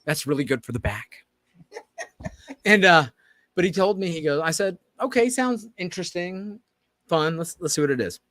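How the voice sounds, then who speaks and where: A man co-hosting a podcast tells a long story in easy conversation, slipping into the voices of the people he quotes. His voice sits a touch higher than usual for a man, and the recording is dry and close. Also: moderate pace, long pauses, dry recording. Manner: animated, acts out quoted dialogue. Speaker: podcast co-host. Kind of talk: casual storytelling chat.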